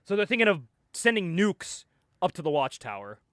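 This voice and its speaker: A man hosting a podcast, casually retelling a comic book story with animated energy, frequent laughs and swearing. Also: high-pitched, normal speed, dry recording, studio quality. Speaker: podcast host recapping a comic. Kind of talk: casual chat.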